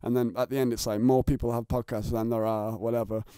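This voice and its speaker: A man hosts his podcast from his bedroom, rambling and joking in a crude, laid-back way. His voice sits at a middle pitch and is recorded close and dry. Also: flat delivery, fast talker, warm tone, clean tone, no echo. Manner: rambling, jokey, crude, laughs often. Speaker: podcast host. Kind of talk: casual chat. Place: bedroom at home.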